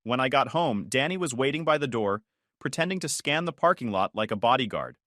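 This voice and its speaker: A man's voice: mid-range voice, expressive, a little fast, fairly bright tone, dry recording, clean studio sound. Man telling a dramatic story. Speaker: narrator. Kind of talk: scripted first-person storytelling.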